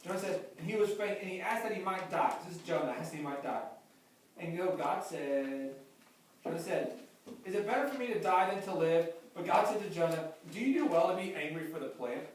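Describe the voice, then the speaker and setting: Male pastor, high voice, animated with humorous asides, heard from a distance in a very echoey hall. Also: brisk. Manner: animated, acts out quotes with humor. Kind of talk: sermon. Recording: distant mic, very echoey hall, faint noise.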